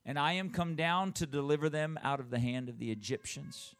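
A man, the pastor, giving church announcements and then preaching a sermon, leading call-and-response and reading scripture aloud slowly. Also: a little high, wildly swooping pitch, a bit bright. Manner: reads scripture aloud in a slow, drawn-out voice.

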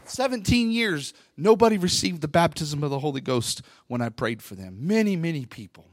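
A middle-aged male pastor preaching a Pentecostal sermon into a microphone in a church, talking conversationally and then swelling into loud, fervent bursts. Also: fairly high pitch, big pitch swings, normal speed, no echo, studio quality. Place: church sanctuary. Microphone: handheld microphone at the pulpit.

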